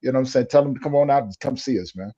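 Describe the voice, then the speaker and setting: A man's voice: mid-range voice, very fast, mellow, highs cut off. A man hosting a casual podcast in an easygoing way, often repeating filler phrases. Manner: easygoing, repeats 'man' and 'you know what I'm saying'. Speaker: podcast host.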